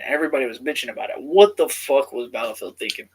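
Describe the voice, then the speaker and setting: A man's voice: medium pitch, lively intonation, quick pace, hardly any pauses, slightly rough, low-quality recording. A man in his thirties talking casually to camera as a gaming vlogger, rambling and swearing freely. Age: 30s. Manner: profane, rambling, laid-back.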